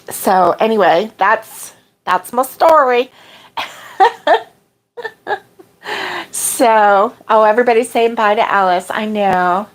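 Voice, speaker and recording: A woman hosting a casual crochet livestream, chatting as she reads out viewer comments, with drawn-out exclamations. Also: mid-range voice.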